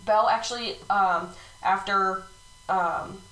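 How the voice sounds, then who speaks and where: A woman's voice: medium pitch, fairly even intonation, takes it slowly, fairly bright tone. Woman, true-crime podcast cohost, giggly, apologetic, distant mic, roomy. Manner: giggly, loses her place, apologetic. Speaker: podcast co-host. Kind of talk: casual true-crime chat.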